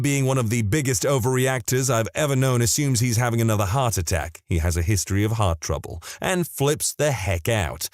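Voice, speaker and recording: A man reads stories aloud with a lively, swinging pitch and wry asides. The sound is dry and close, with no room behind him. He comes across as an expressive storyteller. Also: no echo. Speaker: story narrator. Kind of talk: reading online stories aloud.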